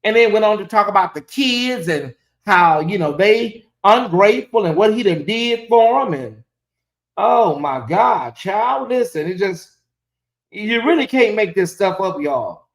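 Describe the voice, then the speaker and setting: A woman's voice: medium pitch, lively intonation, measured pace. A gossip host, a woman, holds forth to her viewers in a loose, sassy rant. She rambles, piles on the fillers and keeps interrupting herself before swinging back to the point. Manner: sassy, ranting, talks straight to viewers. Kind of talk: celebrity gossip commentary.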